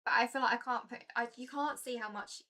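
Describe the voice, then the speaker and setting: A young woman streams her board game play in a chatty, easily excited way. Her voice is bright and sits a bit high, with a playful, giggly lilt. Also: fast. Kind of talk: casual live-stream board game playthrough.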